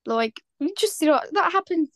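A woman's voice: high-pitched, expressive, moderate pace, a bit bright, dry recording. A teenage girl speaking candidly in a casual podcast chat, full of "like". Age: teens. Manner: candid, earnest, lots of "like". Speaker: podcast guest.

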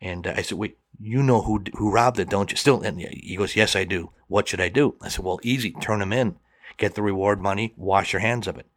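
A man's voice: on the low side, brisk, no room sound, clean studio sound. A man telling a personal story in conversation, acting out both sides of the dialogue.

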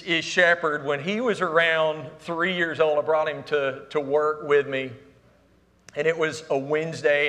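A man's voice: fairly high pitch, bright, forceful tone. A middle-aged man preaching a sermon, telling funny family stories. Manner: storytelling with humor, Southern "y'all". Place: church sanctuary. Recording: echoey hall.

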